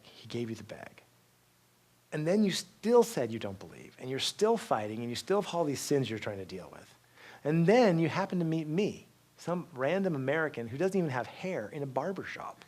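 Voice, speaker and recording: A man giving a university talk, telling stories lively with frequent asides, restarts and "okay?" check-ins to the audience. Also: mid-range voice. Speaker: guest speaker. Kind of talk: university lecture.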